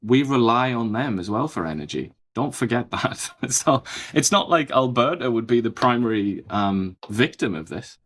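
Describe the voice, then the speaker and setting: A man co-hosting a political commentary show, speaking in a dry, sardonic, measured way. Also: mid-range voice, expressive, fairly bright tone. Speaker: co-host.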